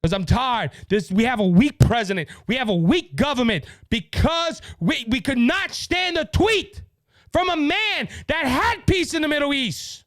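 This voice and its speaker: A man's voice: very high-pitched, lively intonation, normal speed, no echo. A man with a Louisiana Cajun accent hosting his podcast, ranting in heated, angry political commentary. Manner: heated, yelling, repetitive. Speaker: podcast host.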